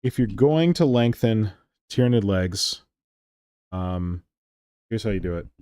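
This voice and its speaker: A man hosting a hobby livestream, talking in a low, mellow voice as he explains how to cut and extend model parts. His delivery is relaxed and casual, broken up by asides while his hands are busy gluing. The sound is dry and close, with no room echo. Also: a little slow, clean tone. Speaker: hobby stream host. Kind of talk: casual chat and hobby demonstration.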